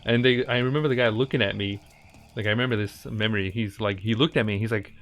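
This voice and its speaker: Low-voiced man chatting through gameplay. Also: fairly even intonation, fast, a bit bright. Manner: rambling, chatty, with laughs and asides to the game. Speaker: gaming channel host. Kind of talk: casual gameplay commentary with storytelling. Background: faint game music.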